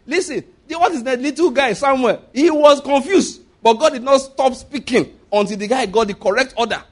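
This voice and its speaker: A man preaching a sermon, lively and laughing often as he acts out voices. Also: very high-pitched, normal speed.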